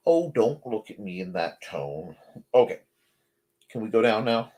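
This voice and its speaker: A man's voice: fairly low pitch, sing-song, measured pace, dark tone. A man hosting a casual live stream, chatting while he draws and talking to his cats in a sing-song voice. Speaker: host.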